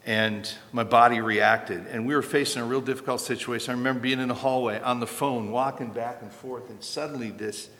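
Bright-voiced male pastor preaching in a reverberant church. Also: mid-range voice, fairly even intonation, fairly quick, hardly any pauses. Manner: earnest, emphatic preaching with sudden loud peaks. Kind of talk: sermon. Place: church sanctuary. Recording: long hall reverb from a church.

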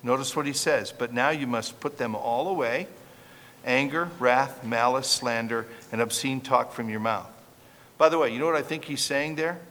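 A pastor delivering a sermon, preaching earnestly and emphatically and asking the congregation rhetorical questions. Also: male voice, mid-range voice, moderate pace, a bit bright. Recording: long reverb, faint background ambience.

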